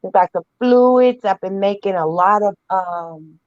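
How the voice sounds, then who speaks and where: A woman's voice: mid-range voice, unhurried, no echo. A woman joining a casual online chat, talking in an emphatic, folksy way and drawing out her phrases. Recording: dull, dry lo-fi mic.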